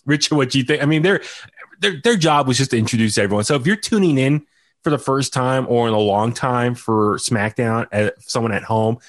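A man's voice: medium pitch, brisk, no echo, studio quality. A man hosting a casual podcast recap, talking loosely with lots of fillers and restarts. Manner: chatty, many fillers and restarts. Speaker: podcast host. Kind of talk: casual wrestling recap chat.

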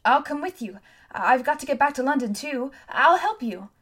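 A bewildered teenage boy from a storybook reading, put on by a woman narrator. His earnest, pleading manner pitches up sharply whenever he is upset. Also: moderate pace, a little mellow, lightly acted. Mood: eager.

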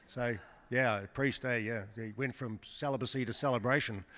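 A man's voice: medium pitch, fairly even intonation, normal speed, a bit bright. Chatty joking man preaching in a church. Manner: chatty, joking, with many restarts. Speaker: guest preacher. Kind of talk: storytelling sermon testimony. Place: church service before a congregation. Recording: long church hall reverb.

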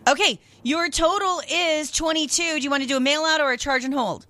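Woman, radio call-in host, cheerful, brisk, friendly, high voice, dry close studio sound. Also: pushed and bright, no echo. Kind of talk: upbeat on-air call-taking. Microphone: studio microphone.

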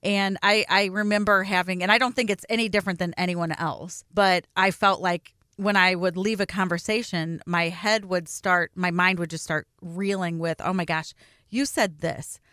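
Middle-aged woman podcast host, confessional and chatty; bright, clean voice, dry close mic. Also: on the low side, fairly even intonation, normal speed, hardly any pauses, clear, resonant tone, no room sound. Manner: candid, confessional storytelling with quoted self-talk. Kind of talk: casual chat.

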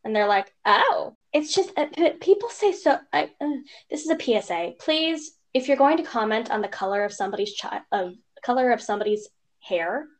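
A young woman co-hosting a casual podcast, telling stories in an animated way and mimicking strangers' voices. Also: fairly high pitch, brisk. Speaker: podcast co-host. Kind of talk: casual chat.

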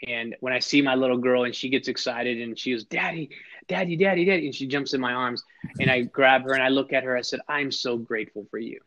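Fast and forceful, with a bright, level mid-range voice, a middle-aged podcast guest tells heartfelt personal stories. His manner is earnest and emphatic, and he keeps restarting sentences and repeating words as they begin, on a slightly dull lo-fi recording.

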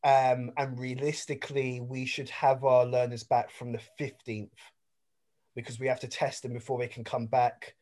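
A man's voice: mid-range voice, level tone, normal speed, darkish tone. Casual English man, rambling. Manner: rambling, storytelling with fillers. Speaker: podcast host. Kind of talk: casual chat.

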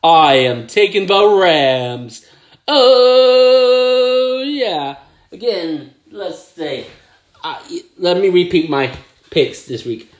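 A man hosting his own football picks show, excitable, with catchphrases and mouth sound effects. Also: on the high side, takes it slowly. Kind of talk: casual sports picks video.

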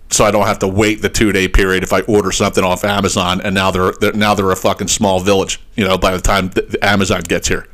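A man hosting a podcast, telling a story as a profane, animated rant full of swearing and fillers. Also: lowish voice. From Pennsylvania, United States. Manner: swears constantly, animated rants with frequent fillers. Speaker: podcast host. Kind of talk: profane comedic storytelling monologue.

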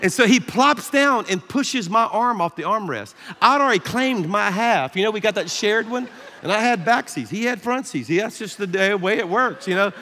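Animated Southern pastor in a hall. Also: male voice, sits high, normal speed. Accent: Southern American. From American South. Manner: animated and self-deprecating, laughs often. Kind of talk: sermon with a storytelling anecdote. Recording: echoey hall reverb.

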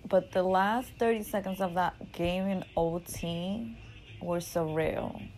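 A woman casually telling a story in an animated, profane, slangy way, often laughing. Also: lowish voice, slow pace, slight background noise, low-quality recording. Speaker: storyteller recounting a game.

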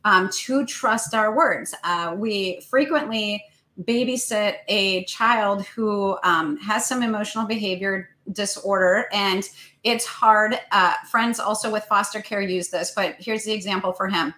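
A woman in her thirties, co-hosting a casual parenting talk, telling a story gently with many fillers. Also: medium pitch, unhurried, rough recording. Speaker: co-host.

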